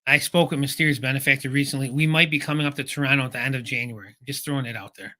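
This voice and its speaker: A man co-hosting a live stream, chiming in with short asides. He talks fast, and his voice sounds bright and sharp. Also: mid-range voice, steady tone. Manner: brief interjections and quick asides. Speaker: co-host of a reselling show. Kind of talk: casual live-stream chat.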